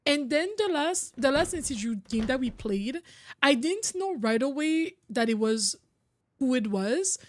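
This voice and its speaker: A woman's voice: high-pitched, lively intonation, unhurried, no room sound. A young woman streaming a video game, chatting casually and rambling with frequent laughs. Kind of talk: casual gameplay commentary.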